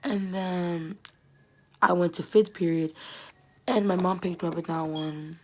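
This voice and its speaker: In a rough recording, a teen vlogger rambles chattily through a storytime about her school friends, performing each quote. She speaks a little slowly, with a fairly low pitch and a steady tone.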